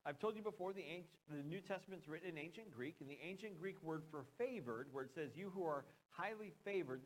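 A pastor with an American accent and a slightly high voice preaches a sermon in a conversational style, over poor audio. He makes joking asides and puts questions to the congregation.

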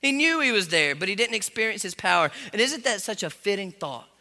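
A male pastor preaching a sermon in a large church hall, with sudden surges of loud emphasis. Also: sits high, big pitch swings, brisk. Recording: long hall reverb.

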